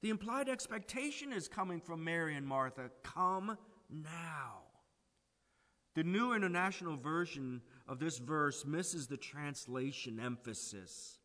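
A man preaching a sermon, swinging from loud pleading to hushed emphasis. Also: on the high side, lively intonation, measured pace, big-room sound.

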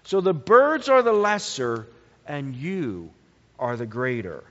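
Male preacher, unhurried and emphatic, dull lo-fi recording. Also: very animated, a bit bright. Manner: slow, emphatic preaching with sweeping pitch swings. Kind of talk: sermon. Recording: dull lo-fi sound in a reverberant hall.

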